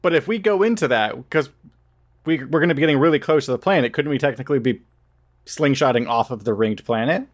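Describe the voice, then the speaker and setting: A man's voice: medium pitch, fast talker. A man playing a tabletop game who eagerly lays out his plan at length, checking in with "right?" as he goes. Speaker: player.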